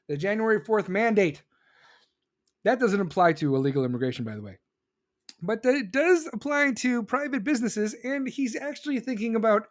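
A man's voice: high voice, big pitch swings, normal speed. Heated sarcastic man ranting. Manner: heated, sarcastic, profane, mocks others in put-on voices. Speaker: political commentary host reading viewer comments. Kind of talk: profane casual political rant.

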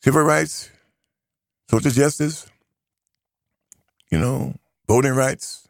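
A man's voice: medium pitch, slow, creaky, no echo, clean studio sound. A man hosting his own radio talk show, giving emphatic opinion commentary and repeating his key phrases.

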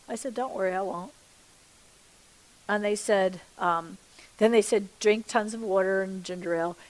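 Heard on a low-quality recording, this middle-aged Christian woman shares her testimony like a sermon in a mid-range voice. Her storytelling is animated and chatty: she performs each line of dialogue, checks in with her audience, and goes quiet and hushed whenever she recites her prayers.

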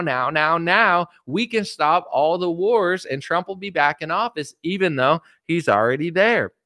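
A frantic, greedy doomsday gold salesman, as a man puts him on, pitched well above his normal voice and pushing loud. He hammers the same pitch over and over with a hard sell. The recording is dry and close. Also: dry recording. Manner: shouty, hard-selling, repetitive.

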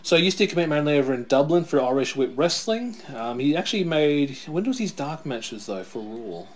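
A man's voice: on the high side, very animated, fairly quick, a little hiss or hum. A man co-hosting a casual wrestling watch-along, chatting and reading out wrestler facts. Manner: chatty, reads out wrestler facts, tells stories. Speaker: podcast co-host.

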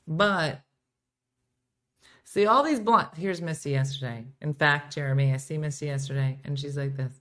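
A middle-aged woman hosting a casual live-streamed morning chat, swinging from quiet asides to loud exclaiming. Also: low voice, normal speed. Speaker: morning show host.

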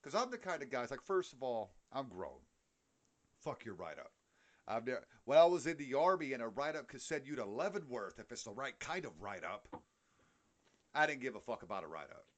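Animated, profane New York man ranting. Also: medium pitch, fairly quick. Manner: heated, profane ranting with frequent swearing. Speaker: podcast co-host. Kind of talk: casual chat.

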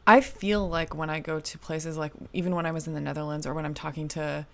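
A woman from Canada speaks in a low, gravelly voice as a podcast co-host. She reflects and thinks aloud in a casual tone. Faint noise sits under her voice. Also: level tone, fast, a bit bright. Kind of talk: casual chat.

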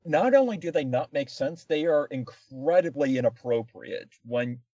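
A man's voice: on the high side, animated, moderate pace, mellow, no room sound. Podcast co-host, male, sarcastic and rambling, lo-fi dry recording. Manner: rambling, sarcastic, many fillers. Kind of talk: casual comedic film review chat.

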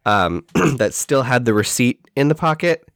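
A man co-hosting a podcast, trading wry, jokey remarks in a casual chat. His voice has a middle pitch. It is recorded close and dry, with little room sound. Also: animated, normal speed, fairly bright tone, clean tone, no room sound. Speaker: podcast co-host. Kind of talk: casual movie discussion.

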